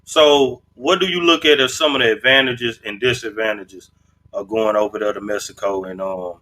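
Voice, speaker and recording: A man hosting a casual interview, asking loose, relaxed follow-up questions. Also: on the low side, normal speed, far from the mic, poor audio. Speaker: podcast host, interviewer.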